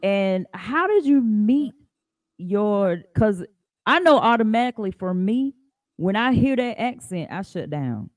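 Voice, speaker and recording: A woman's voice: mid-range voice, very animated, a little slow, no echo. A woman hosts a casual podcast interview, her voice swinging up and down as she chats and asks questions. She laughs easily, and her voice comes through dry and close, with no room sound. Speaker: podcast host.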